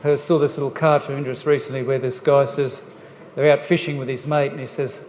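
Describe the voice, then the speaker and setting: A man giving a jokey, lively church seminar talk on family life, putting questions straight to the audience. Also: mid-range voice, fairly quick, slight background noise. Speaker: guest speaker on family life. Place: church hall. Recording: echoey church hall, faint ambience.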